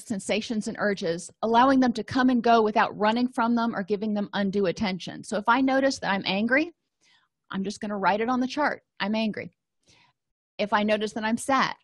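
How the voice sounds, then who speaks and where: Woman counselor, mid-pitched, chatty teaching tone, dry close recording; lecture voice-over. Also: no room sound. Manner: conversational, explains with everyday examples and quoted self-talk. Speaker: counselor and trainer. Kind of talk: educational lecture on therapy.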